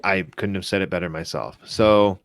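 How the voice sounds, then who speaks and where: A man's voice: deep voice, steady tone, moderate pace, no echo. A man co-hosting a fantasy football podcast, talking casually with many restarts and self-corrections. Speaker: podcast co-host.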